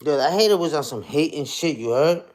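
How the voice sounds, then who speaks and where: A man's voice: fairly high pitch, lively intonation, brisk, a little mellow. A man in his forties hosting a casual livestream chat on his phone, slangy and chatty, answering viewer comments and tagging lines with "you heard?". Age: 40s. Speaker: livestream host.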